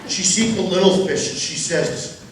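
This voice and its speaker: A man giving a motivational talk at a school, telling a comic story with animated delivery and deadpan asides. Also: sits high, moderate pace. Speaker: motivational speaker. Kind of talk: comic storytelling to a live audience. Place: large school gym or auditorium. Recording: echoey hall from far off, audience noise.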